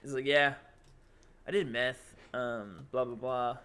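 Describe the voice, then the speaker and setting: A man's voice: mid-range voice, fairly even intonation, slow, fairly bright tone, smooth. A young man co-hosting a podcast, telling a long story in casual chat, rambling with lots of fillers and acted-out quotes. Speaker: podcast co-host.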